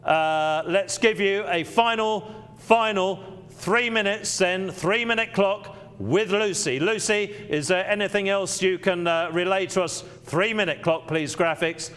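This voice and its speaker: High, smooth-voiced male auctioneer. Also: a little slow, few pauses, a bit bright. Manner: persuasive, repeats key selling points. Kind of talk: live auction selling patter.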